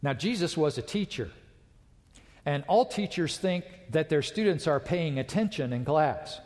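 A man preaching a sermon to a congregation, dramatic, rising loud and dropping to a hush. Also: on the high side, animated, measured pace. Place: church with a balcony. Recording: long reverb of a large church.

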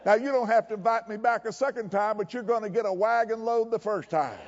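A man's voice: high voice, a little fast, in a large hall, dull audio, background noise. A man preaching a sermon in a chapel service, emphatic and folksy, with jokes.

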